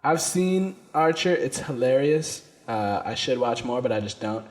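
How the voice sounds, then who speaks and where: A man's voice: medium pitch, animated, unhurried, darkish tone. A man hosting a podcast, chatting casually and laughing often. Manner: laid-back, laughs often. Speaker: podcast host. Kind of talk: casual chat. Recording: faint hiss behind.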